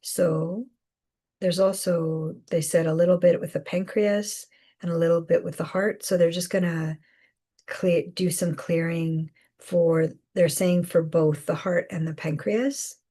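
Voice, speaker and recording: Slow soft-spoken woman giving guidance. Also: fairly low pitch, fairly even intonation. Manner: slow, soft-spoken, repeats phrases with many fillers. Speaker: intuitive guidance host. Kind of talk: live spiritual guidance session.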